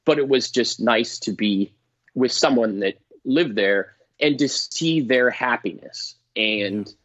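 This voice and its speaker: Husky man telling a casual story. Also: mid-range voice, takes it slowly. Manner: animated, swearing, acts out voices in quotes. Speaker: guest comedian. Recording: dull lo-fi dry sound.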